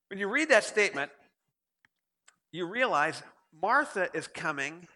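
A man preaching a sermon in a high, bright voice that rises and falls a great deal. He keeps turning to his listeners with rhetorical questions. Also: very animated, a little slow. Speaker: pastor.

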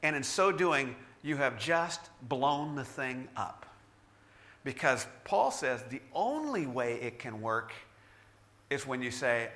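Bright-voiced man preaching with humor. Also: medium pitch, takes it slowly. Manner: animated storytelling with self-deprecating humor. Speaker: pastor. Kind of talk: sermon.

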